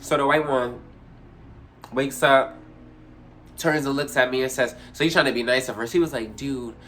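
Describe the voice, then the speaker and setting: A young man casually telling a story, profane and animated, jumping high in pitch when he acts out scenes. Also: normal speed, a little hiss or hum. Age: young adult. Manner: animated, profane, retells with big pitch jumps.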